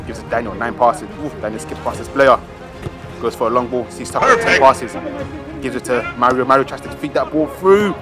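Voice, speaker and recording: Excitable man commentating football. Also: mid-range voice, a little fast, loud music behind the voice. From South London. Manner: casual slang, cheering and groaning over plays. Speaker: match commentator for his club.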